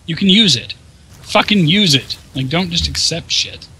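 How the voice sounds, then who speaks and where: A man's voice: a little high, animated, normal speed, pushed and bright, husky, low-quality recording. A man ranting in casual chat over gameplay, swearing often and sounding incredulous. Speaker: gaming co-host.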